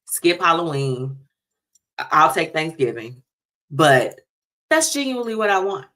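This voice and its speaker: Low-voiced chatty woman host. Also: a little slow, pauses often. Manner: chatty, animated, addresses listeners directly. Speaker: talk show host. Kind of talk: casual chat to listeners.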